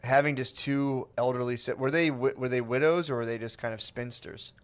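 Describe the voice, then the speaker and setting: A man's voice: medium pitch, fairly even intonation, a little fast, smooth. A man co-hosting a comedy podcast in casual chat, rambling with restarts and dry quips. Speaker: podcast co-host.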